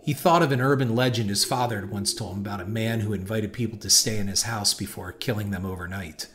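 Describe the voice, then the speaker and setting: A man giving a measured, dramatic scripted narration of a horror story. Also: fairly low pitch, a bit bright. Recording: noisy hiss behind voice.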